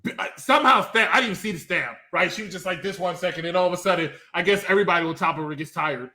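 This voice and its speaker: A man's voice: high-pitched, very fast. A man hosting a movie review show, casually and rowdily joking while retelling scenes. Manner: rowdy, joking, loud comic retellings.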